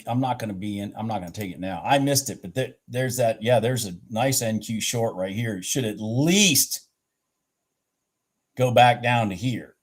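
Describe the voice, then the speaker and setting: A man hosting a live trading stream, urging his trades on, swearing at the chart and then slowly talking through his morning and setups. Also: on the low side, breathy edge. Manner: slow, rambling and candid when explaining. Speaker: futures trading livestream host.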